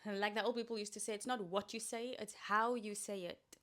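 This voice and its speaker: A woman's voice: mid-range voice, steady tone, fairly quick, fairly bright tone. A woman hosting a solo podcast, giving casual, coaching talk with playful asides. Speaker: podcast host.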